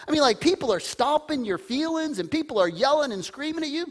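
A woman preaching a sermon, telling a scripture story with animated delivery and dropping to a hushed voice for solemn verses. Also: high-pitched, fairly quick.

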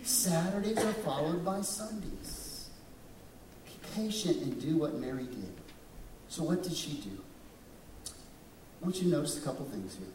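A pastor with a somewhat high voice and lively intonation preaches a bit slowly with long pauses, dramatic and questioning, taking on voices for quoted figures. Recorded in an echoey church sanctuary on a distant mic, the background is noisy.

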